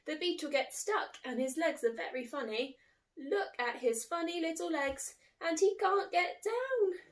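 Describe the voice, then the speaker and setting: A woman's voice: extremely high pitch, animated, unhurried, voice pushed up. A woman reading a children's storybook aloud, voicing a small, stubborn little girl who insists and repeats herself. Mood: insistent.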